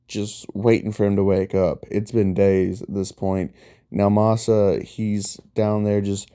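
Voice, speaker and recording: A man's voice: fairly low pitch, warm tone. A man casually retelling a fan story in a rambling way, full of fillers.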